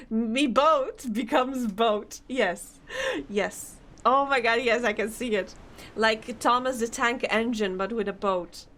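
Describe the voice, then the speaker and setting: A woman's voice: a little high, takes it slowly, a bit bright. A woman casually commenting on a game as she plays, giggling and reacting aloud. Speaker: streamer.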